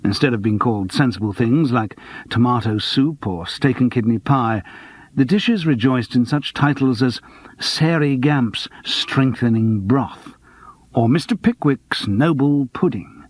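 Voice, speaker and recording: A man reading an audiobook in a measured, dryly wry narration. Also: mid-range voice. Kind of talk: scripted narration.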